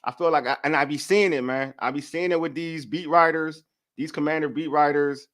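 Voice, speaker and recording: High-voiced man venting about sports. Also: fairly even intonation, fairly quick, fairly bright tone. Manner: heated, venting, slangy. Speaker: sports show host. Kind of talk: casual sports debate.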